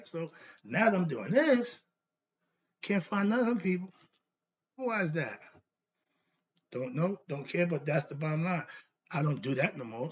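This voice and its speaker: The man's voice sits on the high side and sounds slightly rough, the audio dull. He hosts a philosophy monologue, bluntly preaching about self-knowledge, repeating himself, and answering his own rhetorical questions in an annoyed tone.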